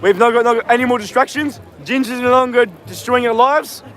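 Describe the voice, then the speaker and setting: An Australian man livestreaming from a city street, talking loudly, swearing and rallying his viewers. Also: very high-pitched, fairly quick. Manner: loud, profane, rallying. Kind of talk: live street stream.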